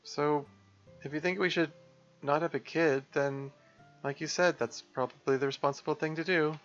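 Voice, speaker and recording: A man's voice: fairly high pitch, fairly even intonation, normal speed, fairly bright tone, highs cut off, soft background music, voice pushed up, natural voice. A man voicing a bubbly young woman who hides her fear, speaking in an earnest, self-deprecating way.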